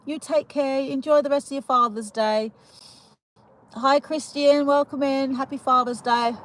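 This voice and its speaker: This British livestream host is young and greets her viewers casually, giggling and chatting with frequent fillers and restarts. Her high, fairly bright voice is unhurried with fairly even intonation, but the audio is poor and has slight background noise.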